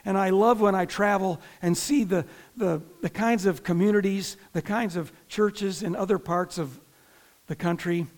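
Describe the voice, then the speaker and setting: High-voiced man preaching a sermon. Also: normal speed. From northern Indiana. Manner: conversational preaching, frequent restarts and asides to the congregation. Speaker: pastor.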